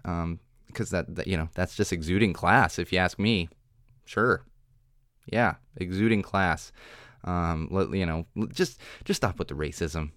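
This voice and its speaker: Speaking in a lowish, clean-toned voice, a young solo podcast host rambles through an opinion monologue, restarting often and sounding earnest yet exasperated. It's a dry, studio-quality recording made on a studio microphone.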